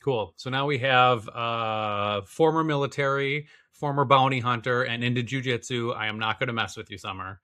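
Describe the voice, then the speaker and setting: A man from Wisconsin co-hosting a podcast, chatting in a relaxed way with fillers. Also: medium pitch, normal speed, hardly any pauses, smooth. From Wisconsin, USA. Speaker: podcast co-host. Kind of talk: casual podcast chat.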